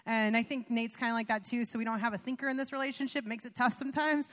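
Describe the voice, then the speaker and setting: Speaking quickly in a slightly high, somewhat bright voice with fairly even intonation, the pastor's wife gives a chatty testimony mid-sermon. She's young and sprinkles her story with fillers and small laughs, and the church sanctuary echoes around her.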